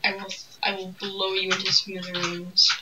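A woman's voice: mid-range voice, monotone, normal speed. A woman giving playful let's-play commentary while gaming, taunting the characters with mock rage. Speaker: gamer playing a video game. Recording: distant mic with loud background noise.

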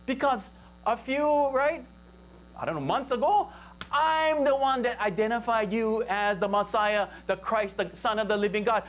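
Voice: medium pitch, normal speed. A pastor with a Hawaii local accent preaches a conversational sermon and keeps asking the congregation questions. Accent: Hawaii local English. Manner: conversational, asks the congregation for responses. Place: church service, live-streamed.

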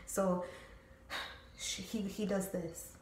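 A woman's voice: medium pitch, level tone, takes it slowly, darkish tone, a little hiss or hum. A young woman telling a story in a casual, rambling way, full of slang, swearing and fillers. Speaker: storytime vlogger. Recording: roomy echo.

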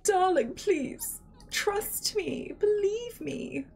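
A woman's voice: extremely high pitch, animated, very slow, creaky, darkish tone, faint music behind, voice pushed up, full character voice. A woman voicing a young wife who pleads melodramatically that she never cheated, in a game. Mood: pleading.

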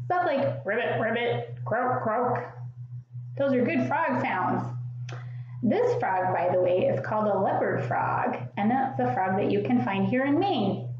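Woman running a little kids' sing-along, high bouncy voice, slow and patient, very echoey room. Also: lo-fi sound, a little hiss or hum. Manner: sing-song, playful animal noises, asks young viewers questions. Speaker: children's librarian hosting a sing-along. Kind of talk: preschool sing-along with animal sounds.

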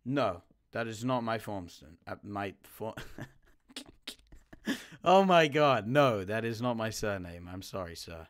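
A man with a fairly low voice narrates his own gameplay as it happens, talking to his teammate and to himself. His pitch leaps around a lot, dropping to quiet mutters and then jumping up into startled yelps. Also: animated, unhurried, few pauses. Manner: jumpy, swings from mutters to sudden yelps. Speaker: gaming YouTuber. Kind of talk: live gameplay commentary.

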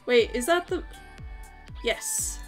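A young woman chatting casually to her viewers while playing a game on a livestream, giggly and excitable. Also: a little high, slow pace, soft background music, low-quality recording. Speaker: gaming livestreamer. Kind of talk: casual livestream chat over gameplay.

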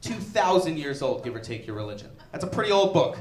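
Animated high-voiced male stand-up comic. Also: quick pace. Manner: animated, profane, conversational. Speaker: stand-up comedian. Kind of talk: stand-up comedy. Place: comedy club with audience. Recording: echoey club with audience laughter. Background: audience laughter.

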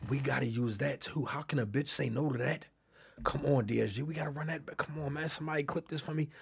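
A young man hosting a live-stream reaction, loud and excitable, often calling out to his chat. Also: medium pitch, quick pace, creaky, husky.

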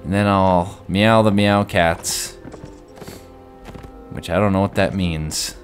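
A man's voice: deep voice, fairly even intonation, takes it slowly, faint music behind. A man giving casual, rambling gameplay commentary, full of "like" and sudden exclamations. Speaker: gaming video host.

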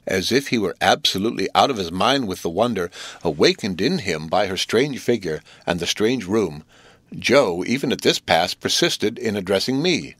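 A man reading a classic novel aloud as an audiobook narrator, steady and measured. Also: fairly low pitch, no echo. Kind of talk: scripted narration.

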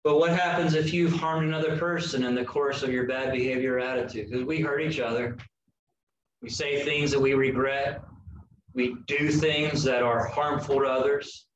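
A man preaching a sermon, slow and emphatic with dramatic pauses. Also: mid-range voice, fairly even intonation, highs cut off, slight background noise. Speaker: pastor. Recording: echoey room heard from a distance.

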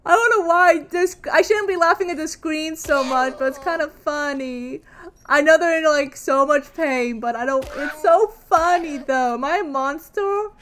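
Woman doing let's play commentary, bright voice, slow-ish talk, yelps and swears a lot. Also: high voice. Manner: excitable, loud exclamations and gasps, casual swearing. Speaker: gaming video creator. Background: faint game music.

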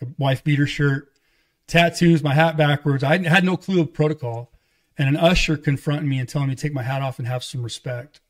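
A middle-aged man sharing his life story in a loose, conversational way, often acting out what people said to him. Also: fairly high pitch. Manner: loose, conversational, quotes others in dialogue. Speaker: podcast guest, evangelist. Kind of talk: casual testimony storytelling.

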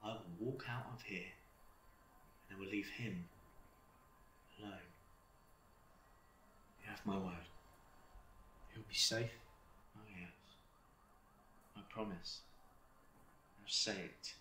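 A man playing a scheming demon that has possessed a young man, menacing and coaxing in a low, hushed voice, in a short film. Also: fairly even intonation, takes it slowly, pauses often, slight background noise, heavily acted. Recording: roomy echo from a distance, music behind.

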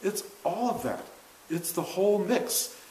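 A man's voice: high voice, unhurried, darkish tone. An older man giving an informal spiritual talk to a class, earnest and conversational, often laughing as he speaks. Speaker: spiritual teacher. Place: room with a seated audience. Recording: roomy echo with faint hiss.

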